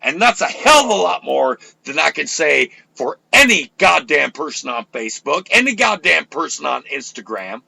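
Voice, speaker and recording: An older man hosting an internet radio talk show, ranting loudly and profanely with fiery energy. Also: on the high side, sing-song, moderate pace, vocal fry, hardly any pauses, dry recording.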